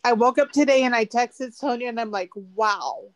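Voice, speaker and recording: A woman's voice: on the high side, normal speed, no room sound. A woman on a video call sharing her experience in an emotional, tearful but overjoyed way. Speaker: program participant on a call. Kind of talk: casual testimonial.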